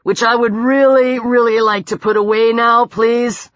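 A woman's voice: on the high side, fairly even intonation, a little slow, no echo, lightly acted. A woman voicing a cold, impatient teenage boy whose voice is muffled by his parka hood. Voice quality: muffled, whiny.

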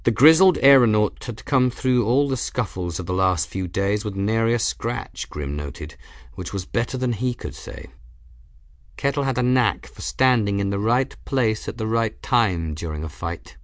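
A man narrating an audiobook chapter in a steady, even storytelling manner. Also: lowish voice, moderate pace, no room sound, studio quality. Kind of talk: scripted narration.

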